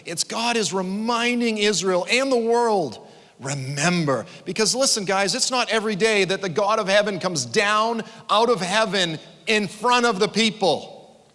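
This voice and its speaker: A bright, forceful male preacher delivering an animated sermon in a large hall with a long echo. He tells stories with energy and bursts into loud acted-out quotes. His voice sits a bit high for a man. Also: unhurried. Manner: animated storyteller, acts out quotes with sudden shouts. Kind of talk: conference sermon.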